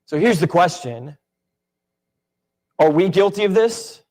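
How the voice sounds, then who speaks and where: A man's voice: high voice, expressive, slow, darkish tone. Conversational man teaching a Bible class. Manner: conversational, asks the class many questions.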